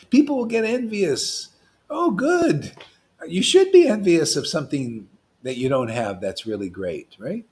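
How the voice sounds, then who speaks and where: Animated man preaching with a raised voice. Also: a little high, measured pace, pauses often. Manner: animated and provocative, swings from loud to hushed, laughs often. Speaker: spiritual teacher. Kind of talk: informal devotional preaching.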